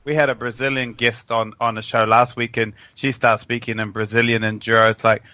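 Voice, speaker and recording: Casting: New man, keen podcast host, sharp bright voice, rambling energy. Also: medium pitch, little pitch movement, brisk, no room sound. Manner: enthusiastic, rambling storyteller. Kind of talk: casual podcast chat.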